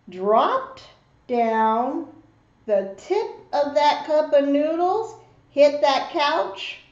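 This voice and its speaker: A woman hosting an eating show and telling a story, acting out the voices of the people in it. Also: high-pitched. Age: adult mother. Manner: animated storyteller who acts out the voices in her story. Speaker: mukbang host. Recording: roomy, slightly dull home recording.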